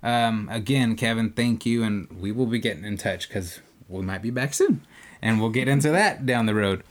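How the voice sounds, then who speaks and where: A podcast co-host with a lowish voice and moderate pace casually tells a long story. His retelling is animated: he acts out the voices of people he quotes and swears now and then.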